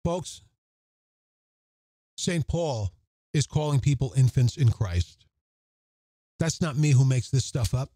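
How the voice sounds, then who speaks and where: A man's voice: medium pitch, lively intonation, slow, long pauses, mellow, no room sound. A man hosting a religious podcast, speaking earnestly and emphatically, repeating phrases for emphasis as he reads passages aloud and comments on them. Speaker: podcast host. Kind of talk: reflective Catholic podcast commentary.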